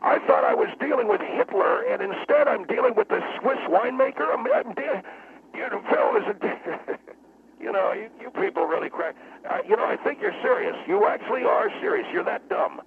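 Guy doing a gravelly hothead guest, rants and calls people morons, lively pitch, phone-line sound. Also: moderate pace, a little hiss or hum. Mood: wound up. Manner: rants and insults, gets wound up. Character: hotheaded blustering male radio guest.

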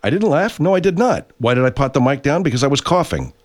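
A man's voice: medium pitch, very animated, fast. An actor playing a stuffed-up, profane voice-over performer who argues, stammers and keeps insisting he isn't laughing, in a comic radio bit. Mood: defensive. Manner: argumentative, stammering restarts, profane. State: stuffed-up nose. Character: defensive middle-aged man recording voice-over, insisting he isn't laughing. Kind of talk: comic radio character acting.

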